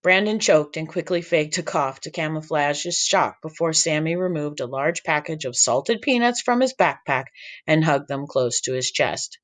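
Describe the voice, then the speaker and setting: A man reading a children's chapter book aloud to boys and girls, giving lively voices to each character. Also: on the high side, moderate pace.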